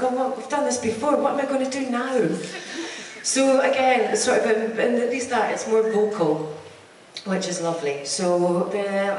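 A Scottish-born woman with an estuary English accent, telling bubbly, laughing anecdotes as a panel guest. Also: medium pitch. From Scotland. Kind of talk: live panel storytelling. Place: convention hall on stage. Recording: echoey hall from far off.

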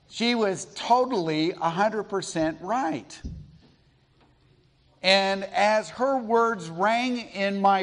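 A middle-aged male preacher from Colorado delivering a sermon in a church. His voice sits high for a man, and he takes his time, unhurried and deliberate, letting pauses land between his stories. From Colorado, USA. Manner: storytelling, slow and deliberate with pauses. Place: church sanctuary.

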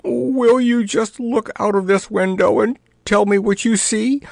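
A man's voice: high-pitched, fairly even intonation, measured pace, creaky, darkish tone, dry recording, voice pushed up. A man voicing a flustered, panicky old king in an audiobook, with a quavering, spluttering way of talking. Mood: frantic. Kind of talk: audiobook character voice.

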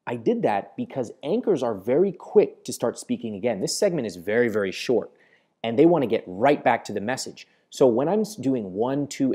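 In a studio, a male host gives an instructional talk to camera in a medium-pitched, mellow, slightly rough voice. He speaks expressively, deliberately slowing down to drive his points home.

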